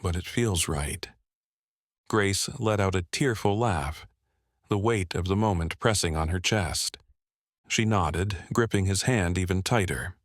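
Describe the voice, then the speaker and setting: A man with a very deep voice narrates a scripted story at a measured, even pace. The sound is dry and close, with no room echo. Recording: dry close-miked voice-over.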